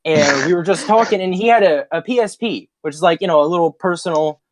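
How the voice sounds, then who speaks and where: A young man, a podcast co-host, telling childhood stories in a casual, animated, profane way and laughing mid-story. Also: on the high side, fast, slight background noise.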